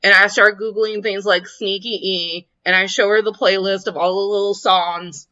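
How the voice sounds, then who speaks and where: A woman co-hosting a casual podcast, telling stories with animated energy and laughing often. Her voice is bright and sharp, and the recording sounds slightly dull and lo-fi. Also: mid-range voice, moderate pace. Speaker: podcast co-host. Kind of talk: casual chat.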